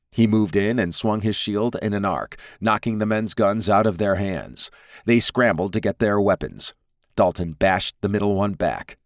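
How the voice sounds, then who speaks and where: A male audiobook narrator with a very low, deep voice, reading a science fiction story in a measured, even manner. The recording is close and dry, with no room sound. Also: no echo. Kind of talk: scripted narration.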